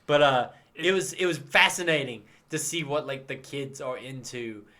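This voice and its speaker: Thirties male podcast co-host, bright and punchy, swears freely, laughs through his stories. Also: mid-range voice, normal speed. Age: 30s. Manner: animated, swearing, laughing storyteller. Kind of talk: casual chat.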